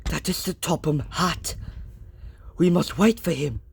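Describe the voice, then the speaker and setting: A man's voice: fairly high pitch, a little slow, gravelly, husky, exaggerated voice. A man voicing a stern, bossy male train engine in a homemade storybook reading. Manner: scolding, commanding.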